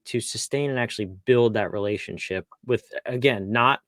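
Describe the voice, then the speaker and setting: A man's voice: mid-range voice, moderate pace, a bit bright, no echo, clean studio sound. A male podcast host asking curious, conversational questions, rephrasing as he goes. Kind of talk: podcast interview.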